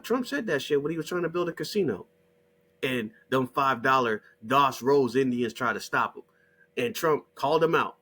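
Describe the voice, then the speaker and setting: A man's voice: medium pitch, lively intonation, moderate pace, a bit bright. A middle-aged man delivering a heated, mocking monologue full of swearing. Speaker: channel host. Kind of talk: profane ranting monologue.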